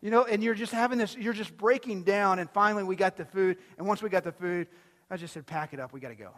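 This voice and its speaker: A man with a high voice preaches a sermon, telling stories in a loose, conversational way and asking his listeners questions along the way. His words ring out with a long reverb, as in a church sanctuary. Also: steady tone, fast talker, fairly bright tone. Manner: conversational storytelling, asks the crowd questions. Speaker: pastor.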